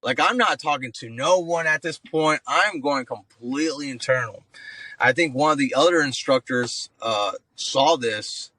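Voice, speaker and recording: A mid-range voice at a moderate pace, caught in poor audio, belongs to a Marine on active duty, a guest in his thirties on a casual podcast. Slangy and profane, he says "bro" often and animates his stories by performing different voices.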